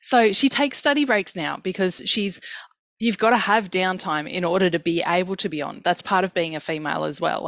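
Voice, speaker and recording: A woman, a guest in a casual chat, talking earnestly on a headset in rambling, quick bursts. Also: lowish voice, a bit bright, no room sound, lo-fi sound.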